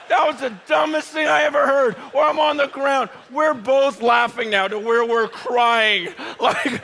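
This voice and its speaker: A man preaching a humorous sermon story, animated and laughing often, speaking straight to his audience. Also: very high-pitched, unhurried, vocal fry, a little hiss or hum. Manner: addresses the audience directly.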